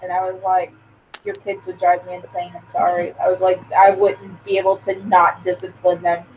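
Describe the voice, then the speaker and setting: A woman's voice: fairly low pitch, completely flat delivery, moderate pace, darkish tone, slight background noise, poor audio. A woman chatting casually, telling a blunt, crude story and acting out the dialogue. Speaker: podcast co-host. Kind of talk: casual chat.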